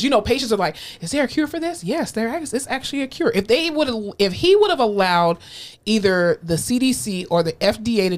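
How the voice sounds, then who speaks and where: Woman, podcast co-host, casual chat, blunt, swears a lot, rapid delivery. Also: medium pitch. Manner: blunt, swears freely, quotes people in put-on voices.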